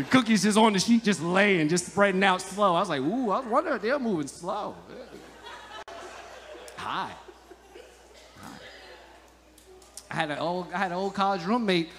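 A man's voice: high-pitched, unhurried, pauses often, fairly bright tone. A man from New doing a profane, rambling stand-up comedy set on an outdoor club stage, laughing at his own jokes. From New Jersey. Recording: live stage sound with long reverb.

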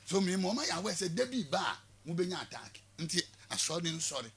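A Ghanaian prophet being interviewed on the radio, a man with a Ghanaian accent who talks forcefully and repeats words to press his point. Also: high voice, very animated, fairly quick, vocal fry, crowd noise. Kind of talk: radio interview in Twi mixed with English.

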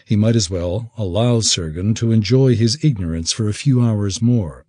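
Husky low-voiced male narrator. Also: lively intonation, normal speed, hardly any pauses, a little mellow, no room sound, clean studio sound. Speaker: audiobook narrator. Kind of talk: scripted narration.

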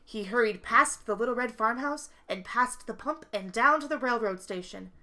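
A woman reading a picture book aloud to children, expressive and stopping to ask the listeners questions. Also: on the high side, normal speed. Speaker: children's story reader.

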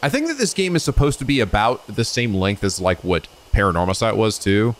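A man hosting a let's play, chatting excitedly and a little ramblingly as he introduces a new game. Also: a little fast, a little hiss or hum. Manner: voices quoted people in a raised pitch. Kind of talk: casual gaming commentary.

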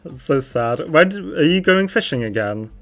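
This is a young adult streaming a game with a friend, chatting loosely and laughing often. The tone is playful and teasing, and the pitch sits squarely mid-range. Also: lively intonation, normal speed, a bit bright, faint music behind. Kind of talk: casual gaming chat.

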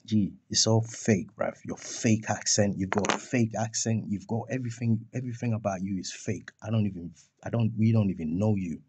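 Husky-voiced man in a heated rant. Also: lowish voice, moderate pace, a little mellow. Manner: scornful, fires rhetorical questions and insults. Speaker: commentator on a music feud.

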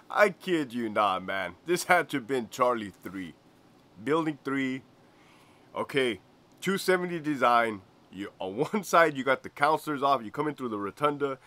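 Brief: former lieutenant turned host, bright, animated voice, easygoing and laughing often. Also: male voice, medium pitch, unhurried. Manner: chuckles often, keeps asking "right?". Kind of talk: casual storytelling vlog.

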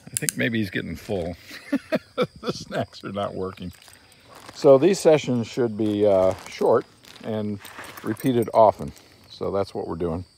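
A man, a dog trainer, calmly explaining a training session and breaking into coaxing calls to his dog. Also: lowish voice, measured pace, gravelly, long pauses, slight background noise.

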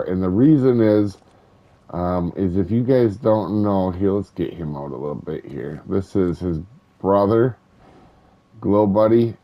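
Slow, low-voiced man doing gameplay commentary. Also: lo-fi sound. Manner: relaxed, rambling, many ums and uhs. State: hiccups. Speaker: gaming channel host. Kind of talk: casual let's-play commentary.

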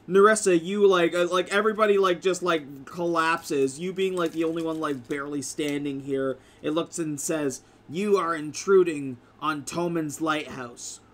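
A man running a tabletop game as game master, his voice sitting a little high. He narrates loosely, piling up fillers and restarts as he describes the scene. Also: steady tone, moderate pace, few pauses, a bit bright. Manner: rambling, full of "like" and "uh".

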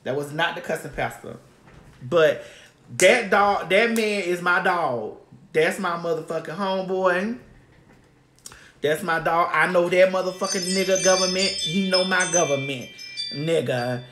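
A woman's voice: lowish voice, unhurried, a bit bright. A woman hosting a casual chat, telling brash, profane, rambling stories. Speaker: host. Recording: roomy echo.

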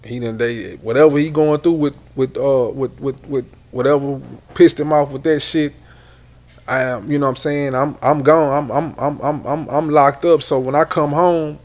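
A man's voice: on the high side, fairly even intonation, normal speed. A middle-aged man with a Houston accent, a rapper telling long rambling stories in a casual interview, repeating words and swearing often. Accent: Houston Southern. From Houston, Texas.

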